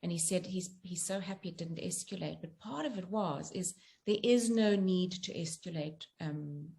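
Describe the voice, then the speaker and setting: A middle-aged woman speaks in a low, gravelly voice with a gentle, earnest tone. She talks reflectively as an interview guest, working through her points with personal examples. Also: normal speed. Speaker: guest author and coach.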